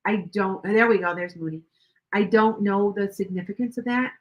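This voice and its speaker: A woman's voice: medium pitch, moderate pace, lo-fi sound. An older woman hosting a tarot livestream, chatting casually in a rambling way with many restarts. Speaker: tarot reader livestream host.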